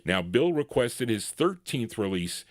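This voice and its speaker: A man's voice: medium pitch, very animated, unhurried, dry recording, clean studio sound. A man hosting a live record show, chatting casually and rambling with fillers as he talks to his listeners as folks. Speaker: radio show host and DJ. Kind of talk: casual live radio patter.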